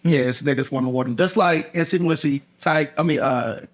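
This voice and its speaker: A man co-hosting a casual podcast, making quick, clipped points. His voice is a touch higher than most men's. He jumps in briskly with his comments. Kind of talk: casual discussion.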